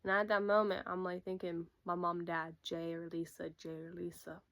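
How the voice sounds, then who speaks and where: A young woman in casual storytime chat, retelling a breakup in an animated way and acting out what everyone said. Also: on the low side, normal speed. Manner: animated, quotes people with "I'm like". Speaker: YouTuber.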